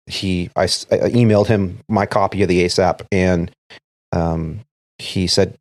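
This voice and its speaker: A man's voice: sits low, steady tone, a little slow, a little mellow, no echo, studio quality. A man, an airline first officer, telling a story from work in a casual podcast chat, acting out the radio calls as he goes. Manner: recounts events step by step, acting out quoted radio calls.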